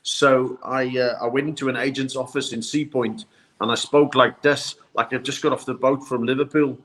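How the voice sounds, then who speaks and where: A man's voice: mid-range voice, normal speed. Older South African man telling stories. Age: 60s. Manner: lively storyteller who slips into accents for punchlines. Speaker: guest comedian. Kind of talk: anecdotal storytelling in a podcast interview.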